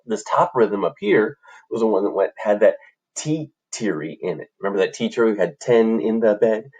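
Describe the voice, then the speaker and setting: A man's voice: fairly low pitch, expressive, quick pace, a little mellow, breathy edge. A man teaching an online music lesson to children, upbeat and encouraging as he chants rhythm syllables, recorded on a computer microphone indoors.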